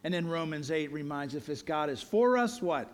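Male pastor, high voice, earnest emphatic sermon delivery with repeated refrains. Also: expressive, normal speed.

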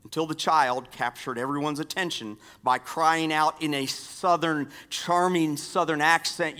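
A pastor giving a sermon, repeating key phrases and dropping from strong emphasis to near-whispers. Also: male voice, a little high, fairly even intonation, unhurried, few pauses. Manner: dynamic swings from loud emphasis to hushed near-whispers.

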